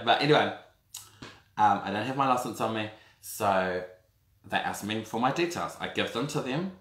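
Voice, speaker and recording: Animated New Zealand man telling a story. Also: fairly low pitch, moderate pace. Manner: animated, camp, keeps calling the listener "girl". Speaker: vlogger. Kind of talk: casual storytelling to camera. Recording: roomy echo.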